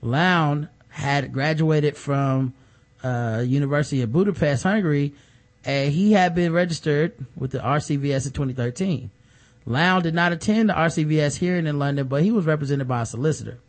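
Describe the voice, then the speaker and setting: Male podcast co-host, slightly high voice, dry sarcastic humor over news items. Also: moderate pace. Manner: sarcastic, deadpan joking. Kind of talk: casual comedic news commentary.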